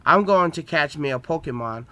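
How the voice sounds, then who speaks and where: A man's voice: on the high side, animated, moderate pace, fairly bright tone, no room sound. A man reading aloud a homemade story, giving the lines of a cocky, prickly young male trainer in a plain reading voice.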